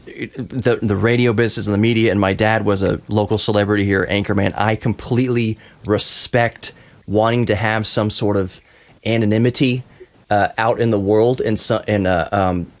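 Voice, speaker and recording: A man hosting a casual podcast roundtable, talking in rambling, self-interrupting runs and laughing often. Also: lowish voice. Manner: rambling, talks over himself, laughs often. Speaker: podcast host.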